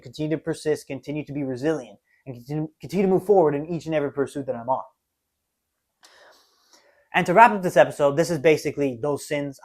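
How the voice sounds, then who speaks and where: A man of twenty hosting a solo podcast, talking earnestly and self-reflectively, often tagging his thoughts with "right?". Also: on the high side. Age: 20s. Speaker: podcast host. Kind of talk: solo confessional monologue.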